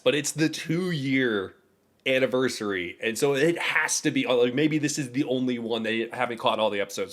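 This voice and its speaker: Man, podcast co-host, casual chat, animated teasing storyteller, mid pitch.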